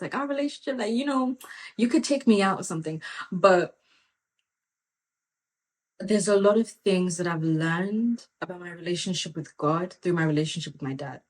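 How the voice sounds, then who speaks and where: Woman, podcast host, casual faith talk, lively storytelling, lots of "like" and "you know", slightly low voice. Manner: lively and conversational, many "like" and "you know" fillers.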